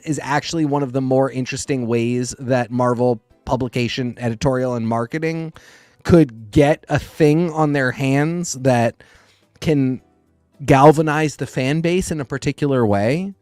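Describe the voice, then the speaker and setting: A man co-hosting a casual podcast, talking in a rambling, animated way with quick asides. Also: mid-range voice, no room sound, faint music behind. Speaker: podcast co-host. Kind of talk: casual comics discussion.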